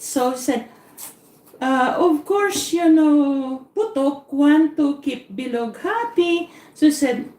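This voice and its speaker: A woman's voice: high-pitched, lively intonation, slow pace, darkish tone. A woman hosting a cooking livestream, telling a rambling story from her kitchen and repeating words as she goes. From Philippines. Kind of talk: casual storytelling while cooking. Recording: echoey room, faint noise.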